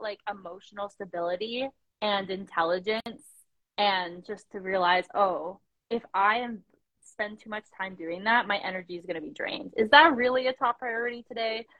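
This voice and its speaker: A woman's voice: medium pitch, moderate pace, a bit bright, no room sound, lo-fi sound. A young woman business owner chatting casually on a video call, full of fillers and quoted asides. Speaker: coaching client, business owner.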